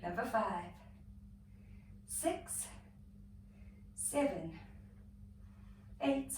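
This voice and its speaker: A woman's voice: medium pitch, slow pace, long pauses, slight background noise. A woman leading a yoga-inspired abs workout, out of breath, cueing counts and breathing with encouragement. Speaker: yoga instructor. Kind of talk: guided workout instruction. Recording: echoey room, mic far off.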